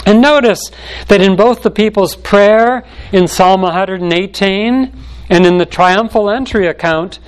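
Male preacher, slightly raised pitch, measured emphatic sermon delivery with slowed stressed phrases. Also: clear, resonant tone, rough recording.

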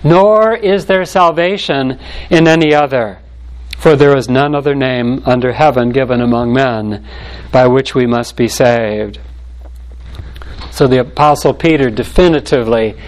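A man preaching a sermon, reading scripture and explaining it with measured, emphatic delivery. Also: medium pitch, low-quality recording. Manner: measured, emphatic preaching with slow stressed phrases.

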